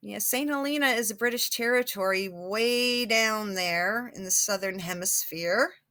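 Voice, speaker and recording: Give me a woman chatting casually as a psychic host, rambling, with a bright, forward voice. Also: medium pitch, unhurried. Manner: rambling, many fillers and restarts. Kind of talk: casual chat.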